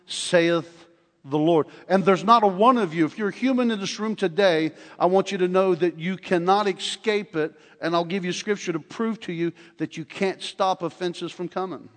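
An older man preaching a sermon in a church, telling stories with animated humor. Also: high-pitched. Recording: long hall reverb.

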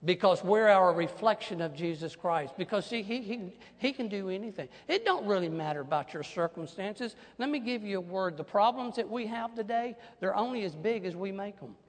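A man preaching a sermon as pastor, animated, swinging from hushed asides to loud declarations. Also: high voice, moderate pace, hardly any pauses, long reverb tail.

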